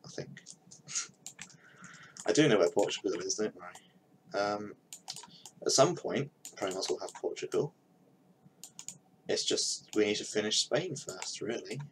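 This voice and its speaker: A man's voice: on the low side, expressive, measured pace, pauses often, slight background noise, low-quality recording. A young man thinking aloud in casual commentary while he builds a game map on a live stream, with mumbled asides as he works.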